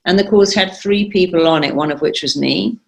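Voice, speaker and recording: A middle-aged woman therapist, appearing as an interview guest, tells stories in an emphatic, confident, animated way. Her voice is on the low side, fairly quick, and gravelly.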